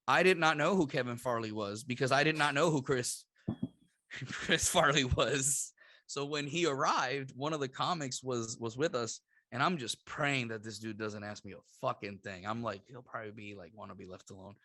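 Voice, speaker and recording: A bright, forceful man from Puerto Rico telling a story as a podcast guest. He talks in an animated way, swears freely and acts out what others said, with a dry, close sound. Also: mid-range voice, moderate pace, dry recording. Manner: animated, swearing, laughing often, acts out quotes. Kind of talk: casual storytelling.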